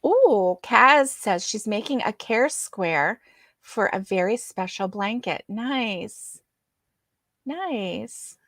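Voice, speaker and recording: Slow, chatty woman livestream host. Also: mid-range voice, lively intonation, a bit bright, no room sound, clean studio sound. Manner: chatty, reads comments aloud and greets viewers by name. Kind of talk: casual chat reading viewer comments.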